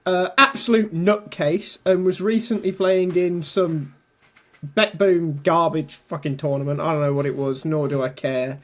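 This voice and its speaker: A man's voice: fairly high pitch, fairly even intonation, a little slow, fairly bright tone. A man hosting a podcast in casual banter, teasing his co-host, laughing often and swearing casually.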